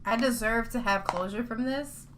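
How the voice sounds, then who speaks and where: A woman's voice: on the high side, moderate pace, background noise. A woman hosting a casual podcast, talking in a heated, profane rant and repeating her points for emphasis. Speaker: podcast host.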